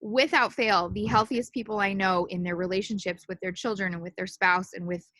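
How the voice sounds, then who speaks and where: A woman's voice: mid-range voice, steady tone, fairly quick, a bit bright, no echo. A woman leading a casual group video call, encouraging others and asking them questions. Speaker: group leader.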